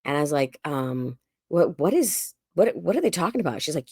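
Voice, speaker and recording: Fairly quick and slightly rough, her voice sits low in a clean, echo-free studio recording. This Oklahoma comedy-podcast cohost is animated, chatting casually and acting out quoted dialogue as she tells stories.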